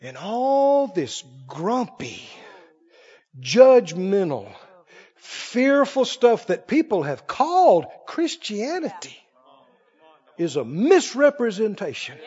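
High-voiced, lively man preaching a sermon. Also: slow, breathy edge, highs cut off. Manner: animated, laughing often, asking the congregation questions.

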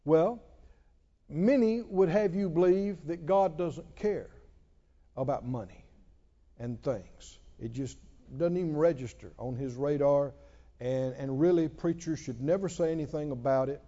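A middle-aged male pastor preaching a sermon, emphatic and rising to loud exclamations. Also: on the high side, a little slow, muffled recording.

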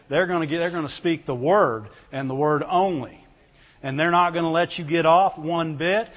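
Man preaching a sermon, high-pitched voice, fervent, calls for amens, long church reverb, dull lo-fi sound. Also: a bit bright. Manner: reads scripture aloud in old biblical wording. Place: church hall before a congregation. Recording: echoey hall, dull lo-fi sound.

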